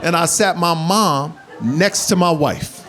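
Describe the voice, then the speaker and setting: A man doing stand-up comedy who tells animated stories and builds up to shouts. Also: fairly high pitch, slow. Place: comedy club stage. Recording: live club set with crowd laughter. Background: audience laughter and room hiss.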